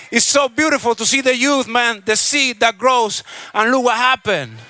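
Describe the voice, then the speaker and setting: A man from Chile working as a stage MC at a reggae festival, hyping the crowd with shouted call-and-response and blessings on an outdoor stage mic. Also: very high-pitched, expressive, a little slow, few pauses, background noise. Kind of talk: live stage announcing.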